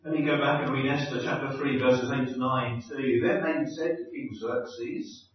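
A man preaching an expository sermon in an animated, emphatic way, repeating his key phrases. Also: mid-range voice, normal speed, a little hiss or hum. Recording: echoey hall, distant mic, dull sound.

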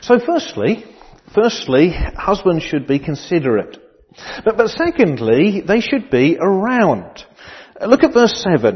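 A middle-aged man preaching a sermon, measured and dryly humorous, often restarting his phrases. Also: on the high side, wildly swooping pitch, long reverb tail, muffled recording. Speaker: pastor.

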